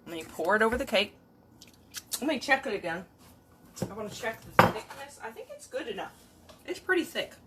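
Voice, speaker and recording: A woman's voice: a little high, fairly bright tone, slight background noise. Chatty woman cooking in a kitchen. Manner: chatty, talks to viewers while working. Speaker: home cook filming a cook-along. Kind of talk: casual cooking livestream. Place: home kitchen. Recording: kitchen with clattering dishes and utensils.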